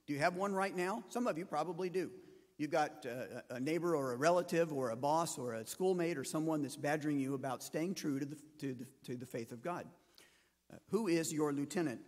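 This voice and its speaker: Male pastor preaching in a reverberant hall. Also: fairly high pitch. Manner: storytelling, acts out quoted voices. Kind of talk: sermon.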